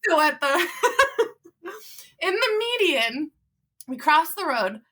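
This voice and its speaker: A woman's voice: high voice, slow pace. A young woman in her twenties, a podcast guest telling a funny story in casual chat, laughing often and acting out what people said. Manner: animated, laughing often, acts out quotes.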